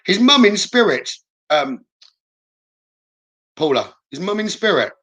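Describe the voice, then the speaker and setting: A man's voice: sits high, big pitch swings, takes it slowly, fairly bright tone, poor audio. A man working as a psychic medium in a live reading, relaying messages in a reassuring way and often checking in with "okay?". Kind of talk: live-streamed spirit reading.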